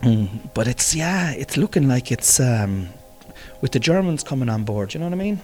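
A man's voice: mid-range voice, expressive, moderate pace, darkish tone, faint music behind. An Irish man ranting in a casual monologue, swearing freely and rambling with jokes. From Ireland. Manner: profane, rambling, joking. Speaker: vlogger.

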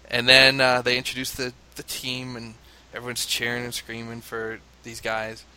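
An animated man from the United States tells a story with a bright, forceful voice. He laughs often and mimics crowd chants. A faint hiss sits under the recording. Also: medium pitch, moderate pace. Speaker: father telling a story. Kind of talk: casual conversation, anecdote.

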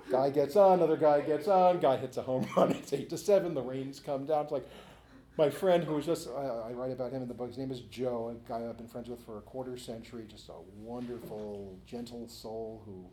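Middle-aged male author and interview guest, chatty and laughing storyteller; warm tone, echoey room. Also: on the high side, a little hiss or hum. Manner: chatty, laughs often, many "you know" fillers. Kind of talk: casual anecdotal storytelling. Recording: roomy echo.

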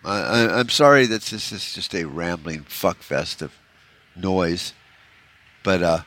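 A man with a low-pitched voice rambles through a profane solo podcast rant. His tone is discouraged and bitter, and he fills his speech with "you know". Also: slow, a bit bright. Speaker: podcast host.

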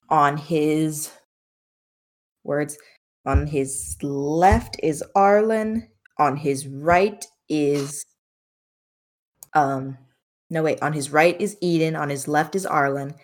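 A woman narrating as game master of a tabletop game in a casual, loose way. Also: sits low.

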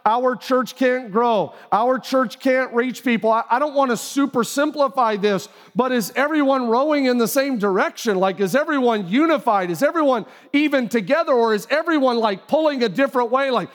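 A man's voice: extremely high pitch, normal speed, few pauses. A man preaching a sermon as pastor, talking conversationally, acting out quoted voices. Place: church auditorium. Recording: live hall with long reverb.

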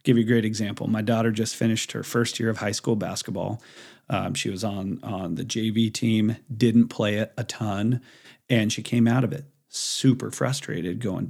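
Man, forties, business owner, podcast guest, casual rambling storytelling, slightly low voice. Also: fairly even intonation, normal speed, vocal fry, a little mellow, breathy edge. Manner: rambling storyteller with many fillers and restarts. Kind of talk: casual interview talk.

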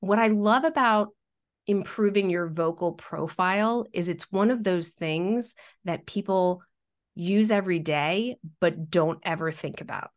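A woman's voice: lowish voice, measured pace. A middle-aged woman, a workplace communication consultant, explaining practical speaking tips in a podcast interview.

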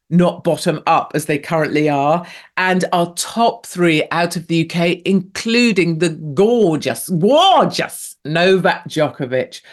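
A middle-aged English woman with a voice on the low side hosts a live radio talk show. Breezy and gushing, she reads listener chat messages and adds playful asides.

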